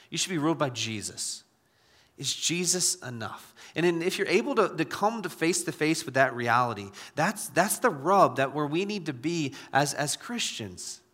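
Bright-voiced preaching man, echoing hall. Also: fairly high pitch. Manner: repeats key phrases for emphasis, swings from quiet to loud. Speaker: pastor. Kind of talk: sermon. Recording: long church reverb.

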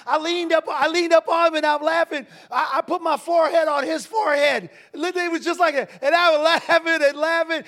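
A man preaches with a very high, bright, cutting voice, storytelling with great emphasis. He bursts into shouts and laughter as he drives each point home to the congregation. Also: steady tone, brisk, few pauses. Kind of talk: sermon. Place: church service with a congregation.

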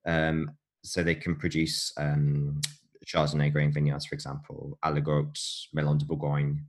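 Deep-voiced man chatting about wine. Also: monotone, normal speed. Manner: chatty and jokey, laughs often, explains wine. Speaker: podcast co-host. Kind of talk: casual chat.

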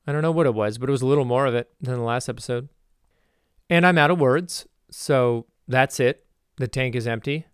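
A man's voice: medium pitch, clear, resonant tone, dry recording, studio quality. A man hosting a motivational podcast monologue, rambling, correcting himself and cracking jokey asides. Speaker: podcast host.

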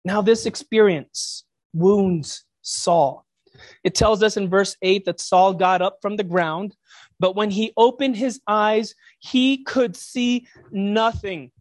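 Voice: mid-range voice, takes it slowly. A preacher delivering a reflective sermon, posing rhetorical questions to the listeners.

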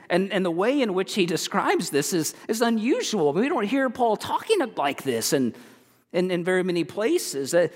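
A man preaching a sermon as pastor, earnest and halting, repeating words as he goes. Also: high-pitched, long reverb tail. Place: church.

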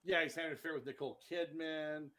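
A man co-hosting a casual movie podcast, animated and acting out scenes in mocking quotes. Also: on the high side, fast. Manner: animated, acts out lines in loud mocking quotes. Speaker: podcast co-host. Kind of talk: casual movie review chat.

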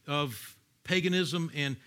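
A man preaching a sermon, explaining scripture in an animated way and acting out voices with sudden loud outbursts. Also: fairly high pitch, slow. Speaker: pastor.

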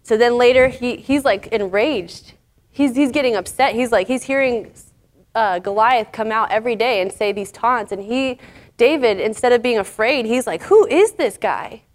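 A woman with a fairly high voice teaches a casual Bible lesson. She retells the story in her own chatty words and fills the pauses with "um". It sounds relaxed and conversational. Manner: chatty, paraphrasing the story with fillers.

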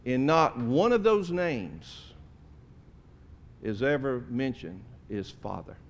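A man, a pastor giving a conversational, folksy sermon to his congregation in a church, often dropping to soft, tender tones. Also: mid-range voice, sing-song, slow pace. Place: church sanctuary.

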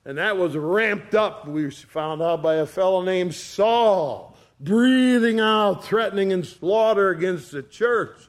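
Folksy storytelling pastor, slightly high voice. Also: male voice, unhurried, hardly any pauses. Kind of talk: sermon.

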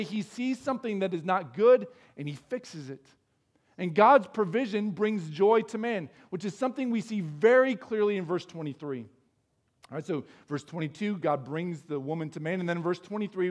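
A man preaching a sermon, earnest and explanatory, asking his listeners rhetorical questions. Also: sits high. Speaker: pastor.

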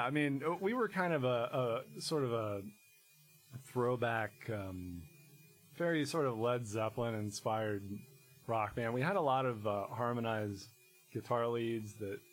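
A man, a musician guest in casual conversation, talking in a rambling, halting way full of restarts and fillers. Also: medium pitch, rough recording.

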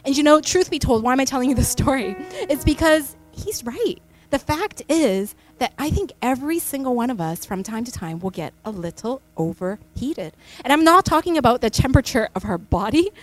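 Woman pastor in her 30s, fairly high voice, chatty sermon on a church mic. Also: lively intonation, brisk, faint music behind. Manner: chatty storytelling with many fillers. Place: church stage. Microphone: stage microphone.

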